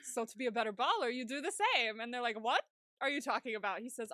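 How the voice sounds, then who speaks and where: A woman co-hosts a podcast recap in loose, chatty talk. Her voice sits a little high, and the sound is close and dry with no room around it. She acts out quoted lines from the episode as she goes. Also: moderate pace, long pauses, no echo. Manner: animated retelling with quoted character voices and frequent laughs. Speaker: podcast co-host. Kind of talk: casual TV recap chat.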